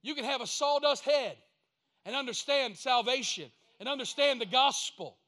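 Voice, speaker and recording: High, bright-voiced preacher. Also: male voice, normal speed. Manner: folksy storytelling preaching, rising to emphatic points. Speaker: pastor. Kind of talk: sermon.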